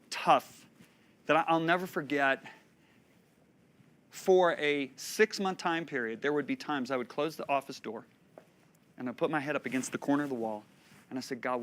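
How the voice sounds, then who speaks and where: A man in his fifties preaching a sermon, telling stories with animated delivery and frequent laughter. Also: on the high side. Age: 50s. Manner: animated storytelling, laughing between points.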